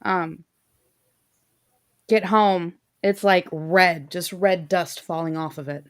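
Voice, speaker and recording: A woman co-hosting a casual podcast, chatty and quick to laugh, acting out what people said. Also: lowish voice, fairly even intonation. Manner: giggly, chatty, acts out quotes. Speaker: co-host. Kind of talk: casual chat.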